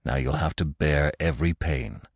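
A wise old stag, stern and protective, giving urgent commands low and slow, as a man reads him out. His voice sits deep and is heard up close in a dry space. It is a storybook reading. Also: husky, no room sound, exaggerated voice. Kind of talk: audiobook reading.

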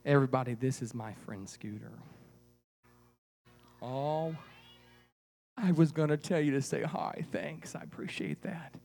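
A man leading a children's church puppet show, animated and coaxing as he tells a story to the kids. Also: mid-range voice, a little slow, creaky, long pauses.

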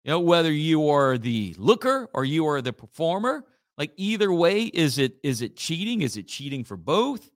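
A man's voice: a little high, sing-song, normal speed, hardly any pauses, no echo, studio quality. A man hosting a casual talk radio show, joking and reading listener messages.

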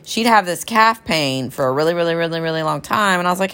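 Low-voiced, enthusiastic woman telling stories. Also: lively intonation, fast talker, pushed and bright, clear, resonant tone. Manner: enthusiastic, chatty, addresses listeners as y'all. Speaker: health practitioner treating patients. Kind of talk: casual storytelling monologue.

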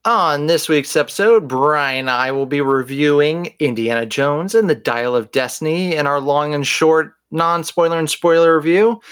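A man co-hosts a fan podcast, chatting casually with a playful, eager energy. His voice sits a little higher than most men's. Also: a bit bright, clean tone. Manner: enthusiastic, jokey. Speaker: podcast co-host.

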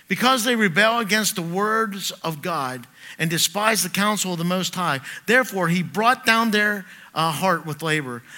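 A middle-aged man, a pastor, delivering a sermon and telling personal stories, swinging from loud bursts to quiet asides. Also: a little high.

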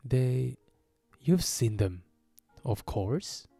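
A man's voice: medium pitch, lively intonation, drawn-out words, gravelly, dark tone, slightly rough, dry recording, soft background music, heavily acted. A man voicing a sulky, easily offended Mock Turtle creature in a storybook reading, insistent and touchy.

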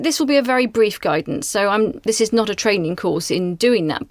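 A woman's voice: medium pitch, no echo. A woman giving earnest, reflective advice to school leaders, often asking rhetorical questions. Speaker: national director of school inspections. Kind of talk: advisory conversation.

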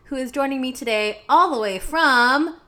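A woman's voice: high voice, normal speed, bright, forceful tone. A woman from Canada hosting a podcast, chatting casually and laughing often. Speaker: podcast host.

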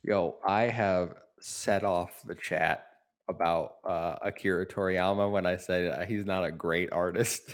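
Dude hosting a games podcast, kinda low voice, blunt takes, jokes around. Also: male voice, fairly even intonation, a little slow. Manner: blunt, opinionated, joking. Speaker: podcast host. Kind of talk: casual chat.

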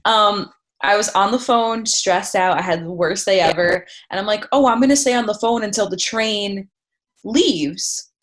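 A young woman with a loud voice chatting casually, acting out her own quotes as she tells stories. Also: medium pitch, moderate pace. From New York area. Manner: animated storyteller, acts out her own quotes. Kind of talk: casual chat.

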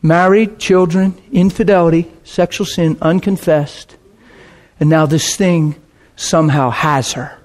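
A man preaching, telling a lively testimony story with laughter and a short sung passage. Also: fairly high pitch, a little slow. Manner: animated storytelling, bursts of laughter, sings a hymn line. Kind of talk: testimony sermon.

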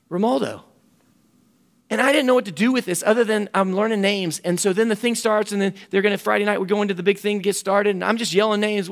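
Earnest preacher guy telling a story, kinda high voice with lots of gravel, repeats himself. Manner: animated and earnest, repeats words. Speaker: ministry director and speaker. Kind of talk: storytelling sermon talk.

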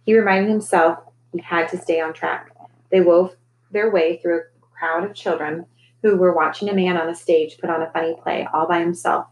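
Teacher lady reading a kids' chapter book out loud, low voice, gentle, faint background noise. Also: steady tone, normal speed, poor audio. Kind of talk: reading a children's novel aloud.

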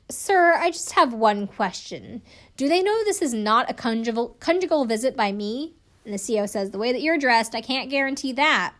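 Young woman ranting about a reality show, kinda high voice, swears a lot, laughs a bunch. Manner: chatty, swears freely, laughs often. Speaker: podcast host recapping a reality show. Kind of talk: casual recap.

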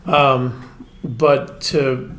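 Forties male guest, chatty anecdotal storyteller, even mid voice, casual talk. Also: mid-range voice, extremely slow, slight background noise. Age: 40s. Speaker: podcast guest, spirits brand manager.

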